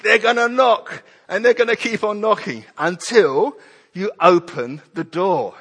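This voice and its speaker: Guy preaching, lively, does little voices, slightly high voice, echoey church hall. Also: measured pace, husky. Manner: animated, acts out prayers and children's voices. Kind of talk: sermon.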